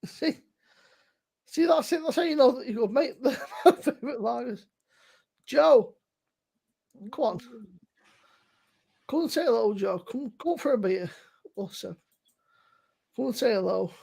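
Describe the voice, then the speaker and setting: A woman chatting live on a beer stream, her voice gravelly and breathy, pitched a touch high. She ribs her mates loudly and swears freely, in relaxed, boozy banter. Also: a little slow, long pauses. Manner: teasing, sweary, loud. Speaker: beer review co-host.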